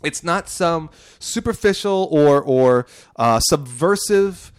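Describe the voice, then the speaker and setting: A man's voice: fairly high pitch, slow, clear, resonant tone. A man co-hosting a podcast, talking casually and arguing his point, rambling with lots of restarts and repeated words. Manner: animated, argumentative. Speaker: podcast co-host. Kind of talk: casual chat.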